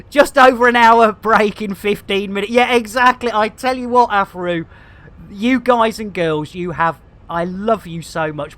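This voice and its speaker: A woman's voice: medium pitch, fairly bright tone. A woman hosting a live game stream, rambling in a jokey, self-mocking and theatrical way.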